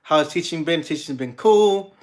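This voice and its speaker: On his livestream, a young man from the United States chats loosely with viewers and reads their comments, rambling with many restarts and fillers and swearing in a laid-back way. His voice is a bit high and expressive, at normal speed.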